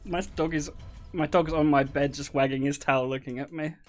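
A man's voice: a little high, normal speed, soft background music. A man, a streamer telling stories in casual chat, swearing and breaking into laughter. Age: 20s. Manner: animated storytelling, swearing and bursting into laughter.

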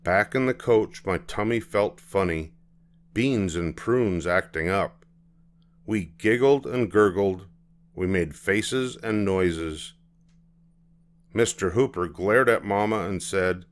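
An older man reading a children's storybook aloud in a gentle, expressive manner. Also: deep voice, slow pace. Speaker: storybook reader.

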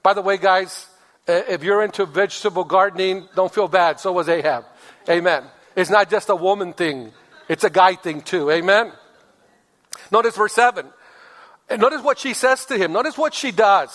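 Emphatic high-voiced male pastor preaching. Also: normal speed, fairly bright tone. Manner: emphatic, repeats phrases, calls for amens. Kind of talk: sermon. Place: church sanctuary. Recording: long hall reverb.

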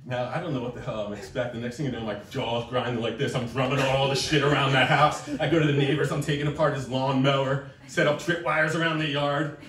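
A man doing a crude, animated stand-up comedy set on a club stage, breaking into shouted outbursts. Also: mid-range voice, fast talker, hardly any pauses. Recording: echoey room from a distance with a laughing crowd. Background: laughing audience.

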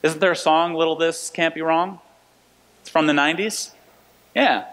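A man's voice: on the high side, steady tone, normal speed, a bit bright. Man preaching in an echoing church. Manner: conversational, repeats key phrases for emphasis. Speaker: pastor. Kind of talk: sermon. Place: church sanctuary. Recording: long reverb of a church hall.

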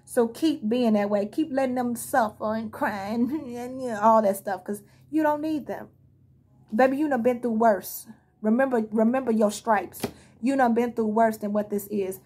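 A woman's voice: fairly high pitch, darkish tone, slight background noise. A woman giving a casual tarot card reading to her viewers, blunt and heated, with plenty of swearing. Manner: blunt, profane, heated, speaks straight to viewers. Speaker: tarot reader.

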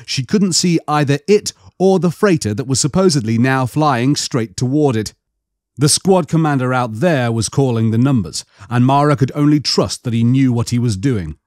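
A man's voice: medium pitch, darkish tone, no echo. Man narrating an audiobook, dry close sound.

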